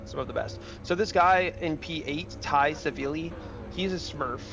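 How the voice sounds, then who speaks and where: Over the engine noise and game audio of a racing sim, a young male streamer rambles through casual commentary packed with slang and swearing. His voice is raised in pitch, moving at a moderate pace on a muffled recording.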